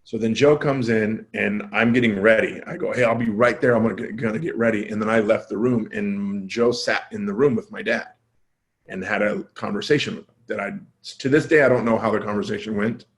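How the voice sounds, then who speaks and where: A male comedian telling a story as a podcast guest, casual and self-deprecating, acting out quoted dialogue with his voice jumping up and down. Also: a little fast. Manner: animated, acts out quoted dialogue with jumps in pitch.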